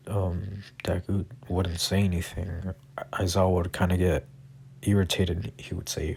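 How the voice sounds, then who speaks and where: A man's voice: low-pitched, flat delivery, normal speed, creaky, a little mellow, slightly rough. A man at home improvising a fan story, rambling, with many fillers and self-corrections. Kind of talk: improvised fan-fiction narration.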